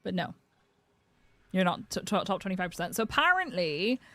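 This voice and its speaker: A woman's voice: fairly low pitch, big pitch swings, normal speed, fairly bright tone, no room sound. Giggly woman streaming a game. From United Kingdom. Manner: chatty, giggly, reads chat aloud. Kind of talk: casual live-stream chat.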